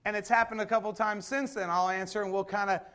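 A man's voice: high-pitched, steady tone, fast talker, a bit bright. A man in his forties, a pastor, preaching a sermon in a church, earnest and full of rhetorical questions.

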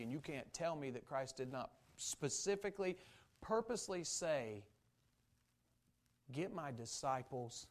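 A man preaching a sermon as pastor, passionately acting out biblical dialogue and swinging from loud to hushed. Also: medium pitch.

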